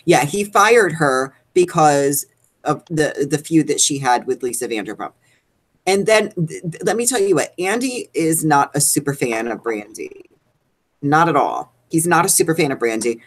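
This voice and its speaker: A woman's voice: deep voice, lively intonation, moderate pace. A woman co-hosting a live show, ranting animatedly about celebrity gossip. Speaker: co-host. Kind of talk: casual chat.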